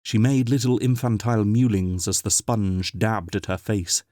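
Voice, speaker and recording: Low-voiced man narrating an audiobook. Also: warm tone, dry recording, clean studio sound. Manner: measured, dramatic storytelling.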